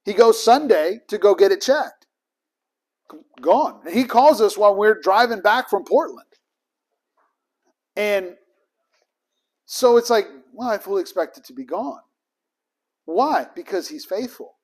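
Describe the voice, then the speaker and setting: Ministry trainer, man, high-pitched, emphatic storyteller. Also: animated, unhurried, long pauses, darkish tone. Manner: storytelling, acts out both sides of conversations, emphatic. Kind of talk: casual teaching talk.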